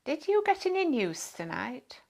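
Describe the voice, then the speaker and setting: A woman's voice: high voice, big pitch swings, unhurried, gravelly, darkish tone, pitched above the performer's own voice, heavily acted. A woman voicing an anxious, pressing wife. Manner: pressing, slightly scolding. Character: anxious working-class wife.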